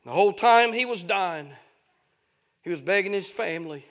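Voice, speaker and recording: High-pitched gravelly preacher. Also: male voice, expressive, a bit bright. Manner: chanting, drawn-out phrases with frequent "uh". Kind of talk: fiery revival sermon.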